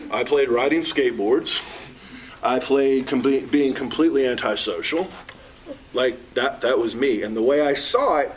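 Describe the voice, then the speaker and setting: A man's voice: mid-range voice, a little slow, a little hiss or hum. Joking man far from the mic. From American South. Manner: joking, animated storyteller. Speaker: author and teacher. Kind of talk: author talk to a live audience. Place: room with a live audience. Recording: distant mic with audience around.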